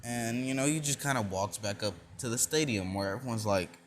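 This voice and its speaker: A young man at a middle pitch tells a fan-made story off the cuff. He rambles, stacks filler words and corrects himself mid-sentence, with a faint hiss behind him. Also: a little fast. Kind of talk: casual fan-story narration.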